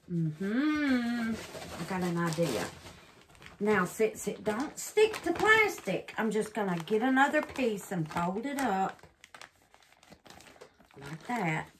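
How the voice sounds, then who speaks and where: A woman's voice: medium pitch, fairly bright tone, a little hiss or hum. A woman chats through a resin craft demo, exclaiming and calling her viewers babies. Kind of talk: casual craft demo chat.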